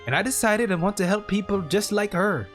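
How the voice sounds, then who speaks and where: A man's voice: sits high, brisk, a bit bright, soft background music, voice pushed up. A man voicing an earnest little girl. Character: earnest little girl who dreams of healing. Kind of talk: reading game dialogue aloud.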